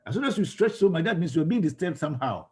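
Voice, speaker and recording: A man's voice: on the high side, sing-song, quick pace, darkish tone. A man with a Ghanaian English accent giving a classroom lecture on communication. He often repeats and restarts his words and puts questions to the class.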